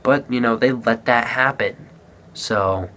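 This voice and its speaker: A man's voice: mid-range voice, slow, sharp tone, a little hiss or hum. A man giving a casual spoken movie review, rambling, restarting sentences and acting out characters' lines.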